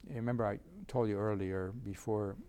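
An older man speaks in an interview with a low, gravelly voice. He explains his work in a reflective, unhurried way and often stops to restart a sentence. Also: fairly even intonation, mellow. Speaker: research center director. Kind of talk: interview conversation.

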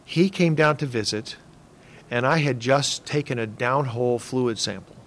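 An older man with a gravelly voice, telling stories from his engineering career in a relaxed interview. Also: mid-range voice, slight background noise. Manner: relaxed anecdotal telling with soft laughs. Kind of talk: reflective storytelling interview.

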